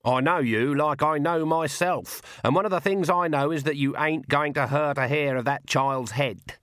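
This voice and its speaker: A man's voice: on the high side, moderate pace, dry recording, pitched above the performer's own voice, natural voice. A man voicing a stern shrewd old witch woman. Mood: calm, cutting. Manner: dry, calm, cutting.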